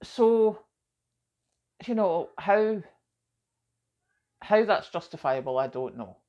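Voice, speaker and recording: A middle-aged woman vlogs to camera, chatty and rambling, full of self-deprecating asides and frequent "do you know"s. Her medium-pitched, mellow voice has lively intonation and an unhurried pace, with the highs cut off.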